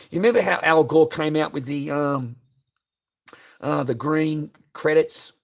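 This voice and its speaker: A man's voice: on the high side, slow, vocal fry, heavy background noise. A man on a livestream, ranting profanely and asking "right?" again and again. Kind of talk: unscripted livestream rant.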